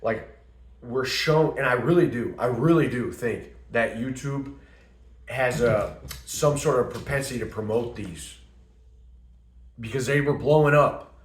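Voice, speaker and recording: A man's voice: mid-range voice, measured pace, long pauses. Young male vlogger, loose storyteller who acts out what people said, roomy echo on the mic. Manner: rambling, animated storytelling with quoted asides. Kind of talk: casual monologue to camera. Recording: echoey room.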